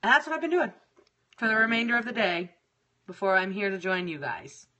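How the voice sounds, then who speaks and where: Bright-voiced profane woman host. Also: medium pitch, fairly quick. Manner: profane, exasperated, animated. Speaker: radio show host. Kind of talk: casual storytelling monologue.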